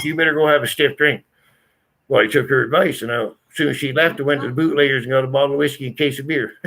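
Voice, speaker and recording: A man's voice: mid-range voice, gravelly, sharp tone. A man telling a story to friends in a blunt, profane, emphatic way. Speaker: channel host telling a story. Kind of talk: casual storytelling.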